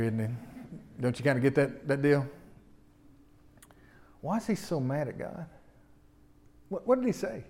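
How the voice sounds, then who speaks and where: A male preacher giving an animated sermon and often putting questions to his congregation. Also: medium pitch, a little slow, long pauses.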